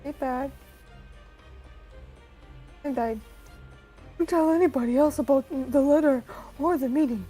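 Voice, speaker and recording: Co-host, woman, playful and giggly, high voice, voice-call mic. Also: measured pace, pauses often, dark tone, faint music behind. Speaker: let's play co-host. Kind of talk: casual gaming chat with friends.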